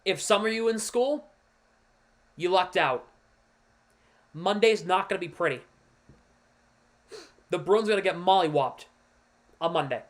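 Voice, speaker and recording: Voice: mid-range voice, expressive, measured pace, pauses often. A livestream host and devoted hockey fan giving casual, emphatic commentary, walking viewers through a play on screen and ranting about the team's losses.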